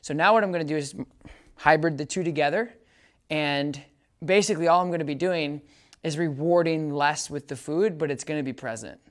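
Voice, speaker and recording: Man, dog trainer, casual explaining, bursts of high praise commands, outdoors. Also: brisk. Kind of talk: hands-on training demonstration.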